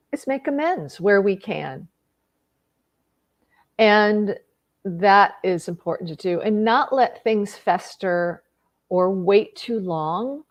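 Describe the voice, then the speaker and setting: A middle-aged woman speaking on personal growth, telling an emotional personal story in an earnest voice, with many fillers and restarts. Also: mid-range voice. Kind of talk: reflective storytelling monologue.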